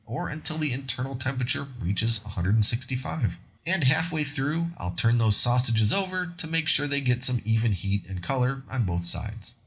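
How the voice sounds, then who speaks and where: A man narrates a home cooking recipe as the host of his own show, talking through each step in a chatty, upbeat way. His voice sits at an ordinary, middle pitch for a man. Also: husky. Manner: upbeat and conversational.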